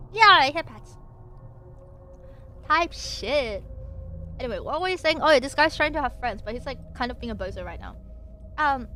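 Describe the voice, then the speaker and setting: A woman's voice: sits high, a bit bright, a little hiss or hum. A young woman streamer reading aloud and chatting with viewers, playful and giggly with lots of jokey asides. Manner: chats with viewers between passages. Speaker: VTuber streamer.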